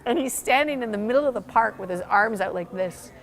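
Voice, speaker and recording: Excited storytelling woman pastor. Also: on the high side, brisk. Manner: excited, acts out quotes, many "like" fillers. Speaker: pastor and church planter. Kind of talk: animated storytelling in conversation.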